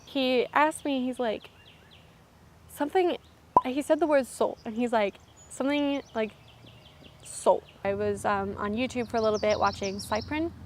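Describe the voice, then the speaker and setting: A woman's voice: a little high, measured pace. A young adult woman and college student telling a story to camera in a chatty, self-deprecating way. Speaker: vlogger, college student of French.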